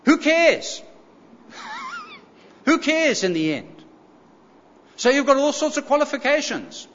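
A man's voice: very high-pitched, wildly swooping pitch, takes it slowly, fairly bright tone, a little hiss or hum. A man preaching a sermon, emphatic, repeating key phrases and asking the congregation rhetorical questions. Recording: echoey hall, slightly dull sound.

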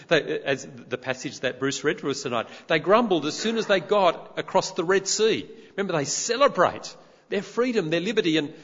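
A man preaching a sermon in a church, emphatic and expressive, firing off rhetorical questions at his congregation. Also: on the high side. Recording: reverberant hall, dull lo-fi sound.

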